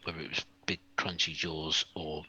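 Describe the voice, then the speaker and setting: A man's voice: extremely low pitch, little pitch movement, normal speed, pushed and bright, slightly rough, low-quality recording. A man playing a tabletop role-playing game, talking in a hesitant way with restarts. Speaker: player.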